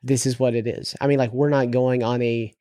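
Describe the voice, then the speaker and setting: A man chatting on a podcast in a mellow, warm voice. He rambles, restarting his sentences over and over and stacking up fillers. The sound is close and dry, with no room echo. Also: mid-range voice, little pitch movement, brisk, clear, resonant tone. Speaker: podcast co-host. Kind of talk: casual movie chat.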